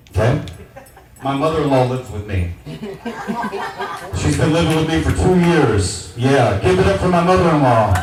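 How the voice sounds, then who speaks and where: A man in his forties doing a stand-up comedy set in a small lounge, loud, brash and crude. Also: medium pitch. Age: 40s. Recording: echoey venue miked from a distance.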